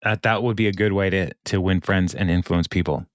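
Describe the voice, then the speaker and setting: This podcast co-host has a low, steady voice and talks fairly quickly, casually recapping a TV episode in a rambling way full of fillers and frequent laughter. The recording is dry and studio quality.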